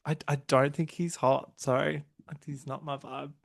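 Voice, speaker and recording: A man hosts a loose, casual podcast chat. His voice sits a little high with a gravelly, fry-laced edge. He is animated and quick to laugh, and he acts out what others said in big exaggerated voices. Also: dry recording, studio quality. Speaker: podcast host.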